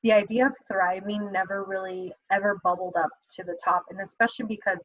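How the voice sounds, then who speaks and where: A young adult woman hosting a solo podcast in a casual, earnest and reflective way, often pausing with fillers and restarting her sentences. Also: medium pitch, level tone, fairly bright tone, dry recording. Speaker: podcast host. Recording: dull, slightly lo-fi dry recording.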